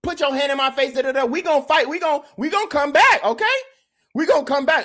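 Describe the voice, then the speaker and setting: A man's voice: extremely high pitch, fairly quick, fairly bright tone. Emphatic man hosting a commentary rant. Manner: emphatic, repetitive, addresses the chat directly. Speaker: podcast host.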